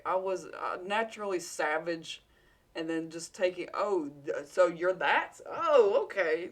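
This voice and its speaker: A vlogger with a Southern US accent, telling a work story in a rambling, candid way with casual swearing. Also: medium pitch.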